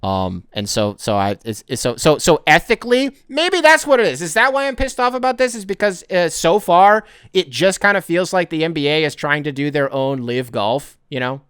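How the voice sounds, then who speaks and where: A man's voice: fairly high pitch, big pitch swings, normal speed, few pauses, fairly bright tone, clean tone, no echo, studio quality. A man hosting a sports podcast, ranting in a heated, rambling way, swearing and often restarting his sentences. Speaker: podcast host. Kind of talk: casual sports podcast rant.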